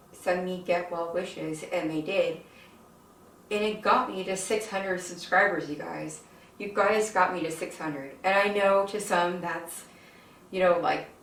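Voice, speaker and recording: A woman's voice: low-pitched, a little hiss or hum. A woman hosting a home cooking vlog, short of breath and talking in a rambling, emotional way with lots of fillers. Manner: rambling, filler-heavy and emotional, addresses viewers as "you guys". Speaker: home cooking channel host. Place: home kitchen. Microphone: camera on a tripod. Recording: echoey room, mic at a distance.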